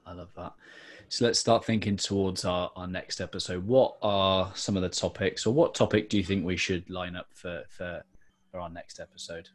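A man's voice: deep voice, steady tone, moderate pace. A man co-hosting a podcast, easygoing and brief as he moves the talk along. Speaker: podcast co-host. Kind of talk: casual conversation.

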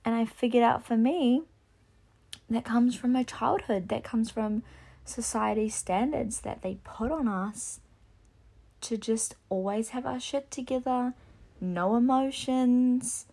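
A woman's voice: on the high side, slow, creaky. A young woman hosting a solo podcast, talking bluntly and with swearing, and getting more and more worked up. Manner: impassioned, blunt and sweary, rising to near-shouting. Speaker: podcast host. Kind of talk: casual solo podcast monologue.

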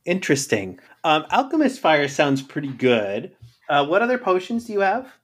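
A man's voice: on the high side, huge pitch swings, normal speed, husky. A man playing his character in a tabletop game, hesitant and full of ums and uhs. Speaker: player.

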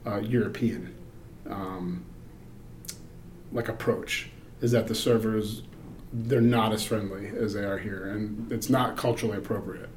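A man in casual podcast chat, telling stories in a loose, rambling way. His delivery is wry and he drifts into low mumbles mid-thought. A faint hiss sits under the recording. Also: darkish tone. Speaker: podcast co-host.

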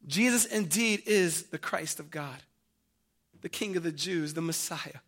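A man preaching a sermon, dramatic, swinging from loud emphasis to hushed tones and calling his listeners family. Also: a little high, unhurried.

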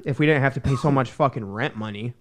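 A man's voice: mid-range voice, fast, a little hiss or hum. Male podcast co-host, casual, profane, laid-back banter. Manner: swearing, joking, laid-back.

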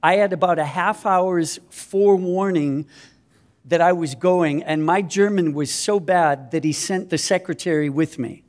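Missionary guy in his 50s from minnesota, bit higher voice, earnest storytelling, pokes fun at himself. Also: unhurried. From Minnesota, USA. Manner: earnest storytelling, self-deprecating. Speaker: missionary speaker. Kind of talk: personal testimony talk.

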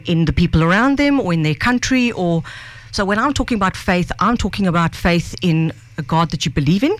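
A woman co-hosting a podcast who speaks in an earnest, measured and thoughtful way. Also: lowish voice, no echo. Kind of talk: reflective conversation about faith.

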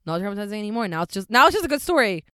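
A woman in her twenties talks in a relaxed, casual way, mostly with short replies and a bit of swearing. Her voice is smooth and clear at a middle pitch. The sound is dry and close. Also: racing, no room sound. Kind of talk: casual chat.

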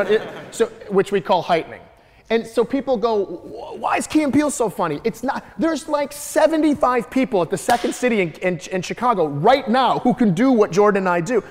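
Animated comedian in an echoey hall. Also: male voice, high-pitched, moderate pace, a little hiss or hum. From Detroit, USA. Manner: lively, repeats words while building up jokes. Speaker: guest comedian in a Q&A. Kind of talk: animated onstage storytelling.

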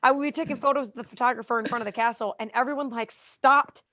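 Chatty young woman telling animated stories. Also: a little high, quick pace, no echo. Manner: animated storyteller, acts out quotes, laughs often. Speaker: guest. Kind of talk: casual chat.

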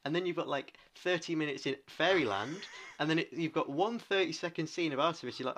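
Chatty man, bright tone. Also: fairly high pitch, brisk, hardly any pauses. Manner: rambling, animated retelling with funny impressions. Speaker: podcast co-host. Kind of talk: casual chat.

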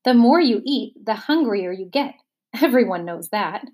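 A woman voicing a brisk, matter-of-fact male magician in a storybook reading. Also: on the high side, expressive, a little mellow, husky.

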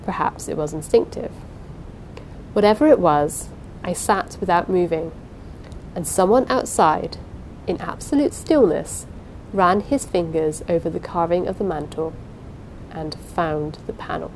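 A woman reads a first-person story aloud in a dramatic, suspenseful way. Her voice sits fairly low, with a faint rumble under the recording. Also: expressive, a little slow, a little mellow, poor audio. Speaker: audiobook narrator. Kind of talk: scripted first-person narration.

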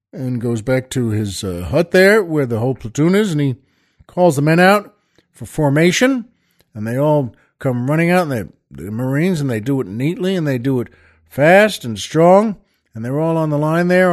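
A man's voice: fairly high pitch, a little mellow. A man hosting a podcast, telling jokes in a rambling, chuckling way with many restarts and fillers. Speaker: podcast host. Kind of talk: casual joke telling.

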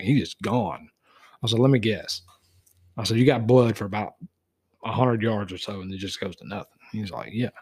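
A man's voice: on the low side, husky. A man, a guest deer tracker telling a folksy story and acting out both sides of phone calls. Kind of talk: casual storytelling.

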